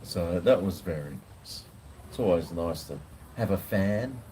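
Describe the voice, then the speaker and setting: Slow, low-voiced Australian man chatting. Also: expressive, dark tone, slight background noise. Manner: rambling, laid-back, swears casually. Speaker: food vlogger. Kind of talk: casual live chat. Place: outdoors on a home veranda.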